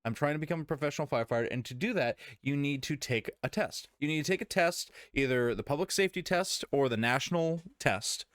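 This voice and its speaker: A young man on a casual podcast, ranting with sarcasm and frequent swearing, voice bouncing up and down in pitch. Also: fast talker, few pauses, a bit bright, no echo, clean studio sound. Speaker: podcast co-host. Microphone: desk podcast mic.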